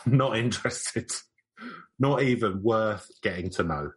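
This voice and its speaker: A man's voice: fairly low pitch, lively intonation, slow pace. A young man co-hosting a podcast, chatting in a dry, joking, rambling way. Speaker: podcast co-host. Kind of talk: casual banter.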